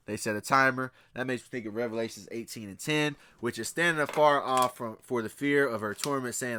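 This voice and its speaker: A man's voice: mid-range voice, normal speed, pushed and bright, slight background noise. A man giving a blunt, profane film commentary in a casual way, mixing in readings from scripture. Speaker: movie reviewer.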